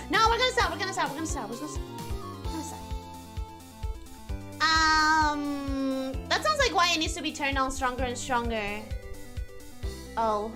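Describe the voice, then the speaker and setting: A young adult woman streaming a game, chatting casually with her chat, excitable, laughing often and repeating herself. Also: high-pitched, normal speed, long pauses. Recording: music playing in the background.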